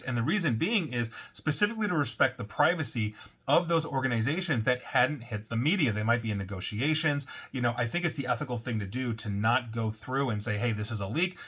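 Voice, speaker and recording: A man's voice: mid-range voice, bright, forceful tone, husky. A man hosting a weekly data breach show, talking casually and rambling with fillers and self-corrections. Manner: reads quotes aloud in a put-on French accent. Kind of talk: casual solo commentary.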